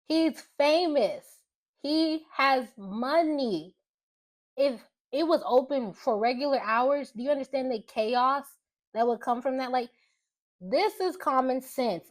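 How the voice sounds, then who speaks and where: Animated rambling young woman vlogger. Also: sits high. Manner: animated, rambling, quick to exclaim. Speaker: vlog host. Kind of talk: casual opinion vlog.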